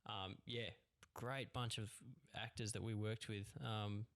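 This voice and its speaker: A young Australian filmmaker chatting on a podcast in an easygoing, agreeable way. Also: male voice, fairly low pitch, level tone, a little slow, fairly bright tone. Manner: easygoing, agreeable, lots of yeps. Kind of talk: casual podcast chat.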